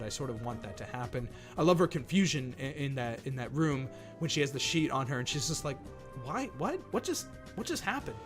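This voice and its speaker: A man giving casual, enthusiastic commentary as an anime reviewer, thinking aloud as he goes. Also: medium pitch.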